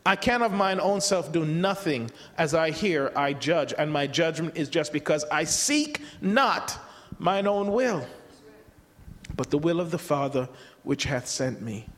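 A man's voice: on the high side, expressive, measured pace, fairly bright tone. A man preaching a sermon in a conversational way, often repeating words and restarting as he acts out the voices he quotes. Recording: long hall reverb.

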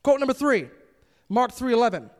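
A man with a very high voice preaching a sermon, leaning hard on his points and breaking into plain, conversational asides. His voice carries a long reverb, as if filling a big hall. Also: big pitch swings, normal speed. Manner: emphatic, reads and comments on scripture, plain and conversational.

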